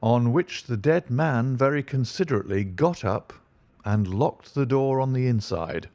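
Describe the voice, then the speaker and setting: A man voicing a cool, analytical detective in an audiobook, speaking in a measured, dry, lecturing way. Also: mid-range voice, animated, warm tone, no echo, pitched above the performer's own voice, close to an everyday voice. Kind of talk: audiobook reading.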